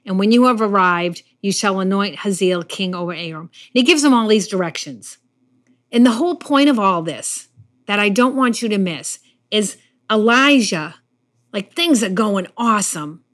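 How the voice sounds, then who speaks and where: A woman's voice: fairly high pitch, fairly bright tone. Earnest woman preaching a sermon. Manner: earnest, acts out the Bible figures' lines in quotes.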